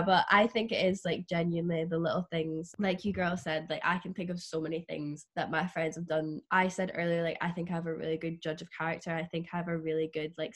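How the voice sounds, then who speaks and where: Young woman, low-ish pitch, relaxed podcast co-host on a video call. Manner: chatty, swears, many fillers. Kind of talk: casual chat. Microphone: remote video call.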